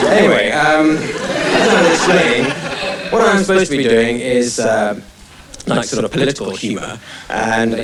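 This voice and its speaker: A male stand-up comedian chatting with the audience in a rambling, self-deprecating way, full of restarts, on a TV studio stage. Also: mid-range voice. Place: TV studio stage under hot lights. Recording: echoey studio, distant mic. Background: studio audience laughing.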